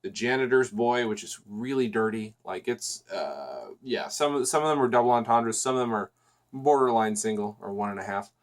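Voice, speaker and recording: A man's voice: mid-range voice, moderate pace. A man hosting a podcast, talking casually and reviewing on his own, rambling, with many restarts and fillers. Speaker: podcast host.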